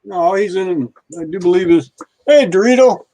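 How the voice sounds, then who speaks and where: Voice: medium pitch, moderate pace, dark tone. A companion in the room joining a livestream chat casually, relaying comments from a distance.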